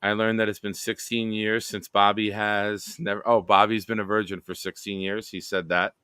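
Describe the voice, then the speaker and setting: A man with a low, bright and very clear voice hosts a live stream and reads out viewer comments, often breaking into laughter. The sound is dry and close, with no room echo. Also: level tone, moderate pace. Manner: laughs often while reading comments aloud. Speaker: live show host.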